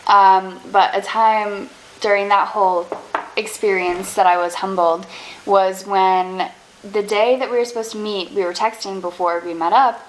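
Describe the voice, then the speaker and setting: A young woman from Canada, telling quick, self-deprecating stories about embarrassing moments in a casual storytime vlog. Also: medium pitch, steady tone, a little hiss or hum, rough recording. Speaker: vlogger.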